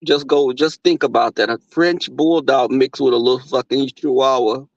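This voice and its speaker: A man's voice: medium pitch, normal speed, gravelly, dry recording, lo-fi sound. A man telling crude, profane stories to live viewers from his workplace. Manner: crude, animated, frequent laughs and swearing. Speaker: live streamer.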